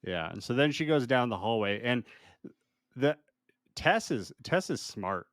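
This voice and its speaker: Man, mid pitch, dry close mic, casual movie recap. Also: animated, measured pace, no echo. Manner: laughs often, recaps plot. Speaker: podcast co-host.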